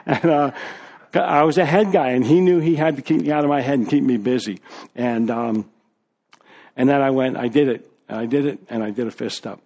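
A man's voice: medium pitch, brisk, a little mellow. A man as a guest speaker, telling his personal recovery story to a group in a candid, conversational way with fillers and asides.

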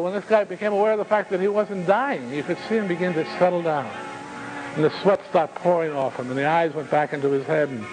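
A man recounting a story in the first person, lingering on dramatic pauses and turning to his listeners with asides. His voice sits a bit high for a man, and soft music plays faintly in the background. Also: poor audio.

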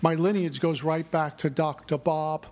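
At a measured pace, a middle-aged man shares his recovery story in a voice that is a little high, fairly even in intonation, and darkish in tone. He speaks as a meeting speaker, earnest and repetitive, with phrasing that works like a mantra.

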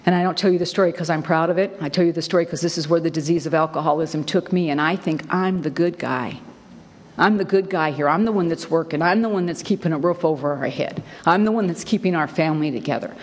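A woman's voice: deep voice, quick pace, breathy edge. Candid wry woman in a reverberant hall. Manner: candid, wry, emphatic, many fillers. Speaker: speaker sharing her story at a recovery meeting. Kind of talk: personal testimony talk.

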